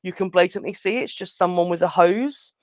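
A woman co-hosts a podcast, her voice lowish, brisk and slightly mellow with no echo. She recaps a film in casual, frank chat, dropping sarcastic asides along the way.

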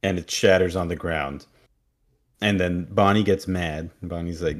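Deep-voiced man joking through a recap. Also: a little slow. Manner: joking, animated retelling with quoted voices. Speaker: podcast co-host. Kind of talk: casual recap chat.

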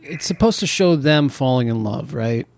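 A man's voice: medium pitch, animated, moderate pace, gravelly, a little mellow, no echo. A man co-hosting a casual review chat about a TV series, talking in a skeptical, hesitant way with many restarts. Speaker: podcast co-host reviewing a TV series.

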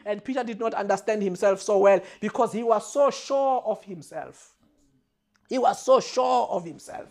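Preacher, male, high voice, emphatic and repetitive, sermon delivery straight to the pews. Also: moderate pace, vocal fry. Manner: addresses the congregation directly.

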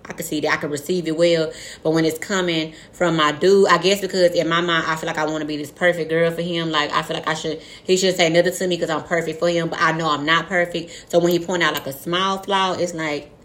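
Young woman, low voice, blunt and profane, animated candid talk. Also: quick pace. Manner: frank, profane, animated storytelling with acted-out quotes. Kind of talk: casual candid chat.

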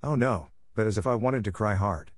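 A man voicing a timid, homesick little girl who speaks softly. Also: fairly low pitch, normal speed, no echo, studio quality, close to an everyday voice. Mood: wistful. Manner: soft, timid.

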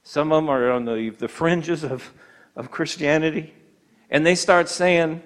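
Emphatic male preacher, somewhat high voice. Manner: emphatic, slows for key points, acts out voices of tempters. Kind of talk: sermon.

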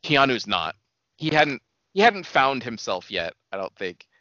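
A man's voice: mid-range voice, a little slow, dry recording. Podcast co-host, male, casual and rambling, dry close sound, slightly dull audio. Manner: animated, rambling, laughs often. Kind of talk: casual chat about movies.

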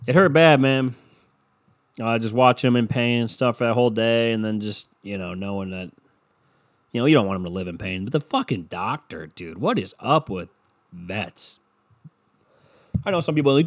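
A man's voice: medium pitch, normal speed, long pauses. A man hosting a solo podcast from his bedroom, talking in a rambling, profane, jokey way. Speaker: podcast host. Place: bedroom, in the dark. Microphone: microphone.

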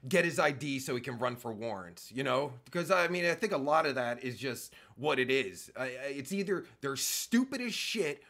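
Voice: medium pitch, expressive, normal speed, creaky, few pauses, a bit bright. Furious, swearing reaction-video host. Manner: ranting, swears constantly, heated. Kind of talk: angry profane commentary.

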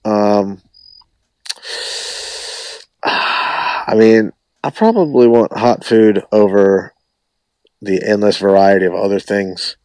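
A man, a musician guest on a podcast, chatting casually in a relaxed, rambling way with lots of hedging. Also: fairly low pitch, slow pace, pauses often, no echo. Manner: relaxed, rambling, hedges a lot. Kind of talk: casual chat.

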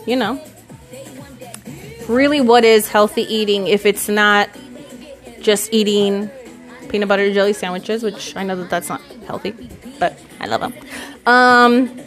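A woman's voice: mid-range voice, fairly even intonation, measured pace, long pauses, fairly bright tone. Candid, swearing woman vlogger. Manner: candid, profane, self-reflective. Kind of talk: casual rambling monologue. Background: faint music.

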